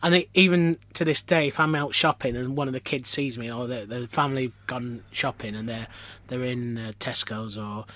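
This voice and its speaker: A man's voice: mid-range voice, fairly even intonation, normal speed, fairly bright tone. A man from Lancashire, a pantomime performer, chatting as a podcast guest in a self-deprecating storytelling manner with many restarts. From Lancashire, England. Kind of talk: casual interview chat.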